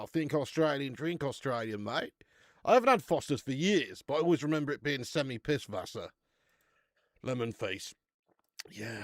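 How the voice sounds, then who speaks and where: A man's voice: fairly high pitch, dry recording, studio quality. A young man chatting casually on a live stream, reviewing beer, bantering with viewers and swearing now and then.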